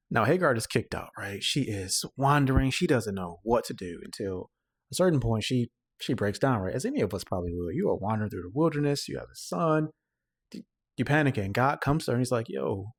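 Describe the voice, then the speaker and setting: Male host, casual scripture recap in street slang, mid-pitched voice, dry close sound. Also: dry recording. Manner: retells scripture in slangy paraphrase; conversational, checks in with "right?". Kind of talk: casual Bible reading recap.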